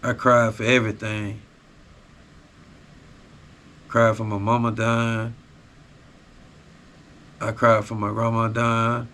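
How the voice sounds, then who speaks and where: A man's voice: mid-range voice, completely flat delivery, slow pace, long pauses, bright, forceful tone, slight background noise. A man hosting a podcast, telling a personal story in a raw, profane, casual street style. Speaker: podcast host.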